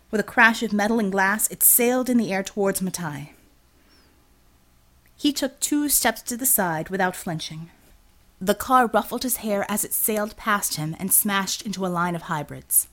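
A woman narrating an audiobook with a steady, expressive reading. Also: mid-range voice, moderate pace. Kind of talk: scripted narration.

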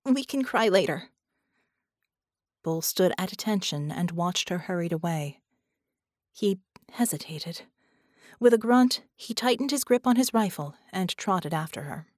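A woman narrating an audiobook in a measured, steady reading voice. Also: lowish voice, no room sound, clean studio sound. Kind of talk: scripted narration.

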